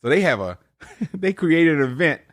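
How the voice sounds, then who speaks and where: A man's voice: on the high side, big pitch swings, normal speed, no echo. A man co-hosting a casual podcast chat, telling stories in an easygoing way with frequent laughs. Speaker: podcast co-host.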